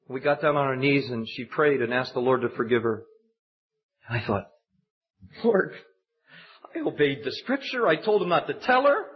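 A man preaching a sermon, telling a personal story and building to high, emphatic exhortation. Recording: dull lo-fi recording.

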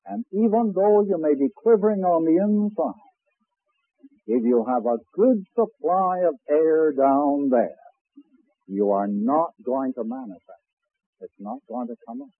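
A man teaching a class on preaching, talking slowly and deliberately and demonstrating breathing as he explains. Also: a little high, husky, no echo. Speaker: preaching instructor. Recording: tinny, phone-like old recording.

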